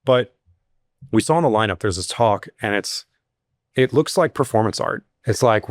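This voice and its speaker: The CEO of a security company, appearing as a guest on a relaxed podcast, tells a story in a low voice that jumps sharply upward whenever he acts out a scene or quote. He's animated, stumbles over fillers and restarts, and speaks at normal speed. The recording is dry and close, with no room sound.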